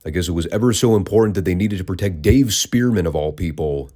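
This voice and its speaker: A man's voice: sits low, quick pace, mellow. A man hosting a wrestling review podcast, talking casually with wry, sarcastic asides.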